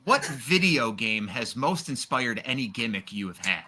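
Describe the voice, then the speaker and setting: A man's voice: medium pitch, sing-song, normal speed, noisy background. A man co-hosting a podcast, chatting casually in a playful, joking way. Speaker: co-host. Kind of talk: casual chat.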